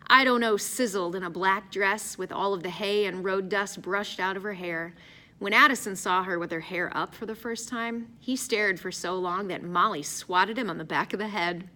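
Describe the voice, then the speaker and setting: A woman narrating an audiobook in an expressive, lively storytelling voice. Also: mid-range voice. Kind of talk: scripted narration.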